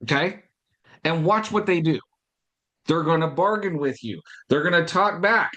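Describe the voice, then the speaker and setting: Emphatic male sales coach, slightly high voice. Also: expressive, moderate pace, sharp tone. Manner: emphatic, repeats points, acts out past conversations. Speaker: podcast host and business coach. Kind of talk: motivational talk on sales.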